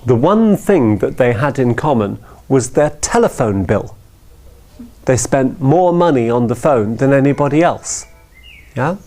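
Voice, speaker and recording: A man's voice: medium pitch, a little mellow. A man giving a storytelling talk who often checks in with his listeners by asking "yeah?". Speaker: speaker.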